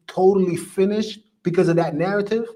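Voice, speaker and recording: Male streamer host, slightly high voice, preachy and emphatic, repeats lines for effect. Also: steady tone, fairly quick, dark tone. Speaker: podcast host reading live comments. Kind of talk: opinionated live-stream commentary.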